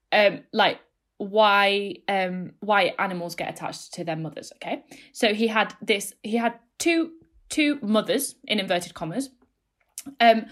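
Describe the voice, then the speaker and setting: A young woman chatting casually on a podcast, emotional and excitable, rambling with lots of fillers. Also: medium pitch.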